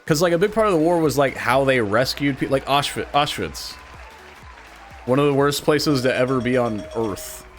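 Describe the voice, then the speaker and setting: A man's voice: medium pitch, moderate pace, faint music behind, a faint crowd. A man in his twenties from Missouri, chatting casually and sarcastically with his stream viewers. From Missouri, USA. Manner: animated, joking and sarcastic.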